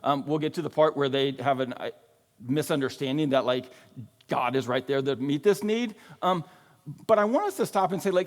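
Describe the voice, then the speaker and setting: A man's voice: fairly high pitch, normal speed. A man preaching a sermon in a casual, conversational way, often checking in with "right?" and "like". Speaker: pastor. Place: church sanctuary. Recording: long reverb of a church hall.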